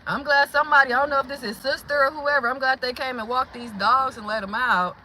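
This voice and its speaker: Bright-voiced, blunt woman venting. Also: sits high, fast, rough recording. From Milwaukee, Wisconsin. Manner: animated, blunt, confrontational. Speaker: vlogger. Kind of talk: venting monologue.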